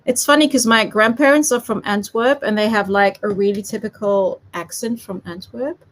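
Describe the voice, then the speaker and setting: A chatty South African woman with a light accent demonstrates papercraft live, giggling and running herself down good-naturedly. She has a medium-pitched voice and a moderate pace.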